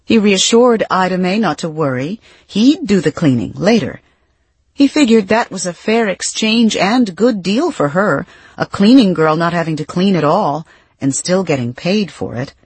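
A woman reading nonfiction as an audiobook narrator, in a measured, expressive storytelling manner. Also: on the low side, slightly rough, no room sound.

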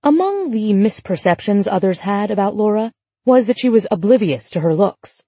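A woman reading a novel aloud in a measured, even storytelling voice. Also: medium pitch, husky, no room sound. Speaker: audiobook narrator. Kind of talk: scripted narration.

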